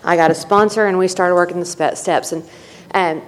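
A woman's voice: fairly low pitch, steady tone, moderate pace, slight background noise. Candid woman speaking in an echoey hall. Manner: candid and earnest, with repeated phrases and restarts. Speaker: recovery meeting speaker. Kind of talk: personal testimony to a group.

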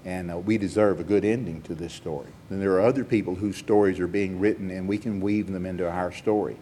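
A man's voice: low-pitched, steady tone, brisk, mellow, a little hiss or hum. An older man giving a personal testimony at a recovery meeting, telling stories in a rambling, heartfelt, self-mocking way.

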